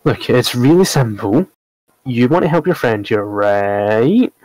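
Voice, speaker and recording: A man's voice: mid-range voice, animated, slow pace, darkish tone, no room sound, rough recording. A man voicing a brash, bossy female pirate pony with a pushy, mocking manner. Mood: coaxing.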